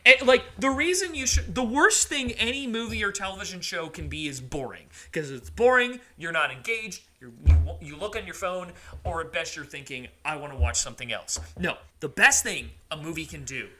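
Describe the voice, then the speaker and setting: A man's voice: sits high, lively intonation, normal speed, few pauses, pushed and bright, soft background music. A man co-hosting a podcast, talking emphatically in a casual, ranting way and often repeating himself. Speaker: podcast co-host.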